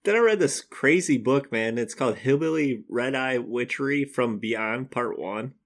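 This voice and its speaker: A man's voice: mid-range voice, moderate pace. A man co-hosting a podcast in casual chat, rambling and upbeat and laughing easily as he talks. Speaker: podcast co-host.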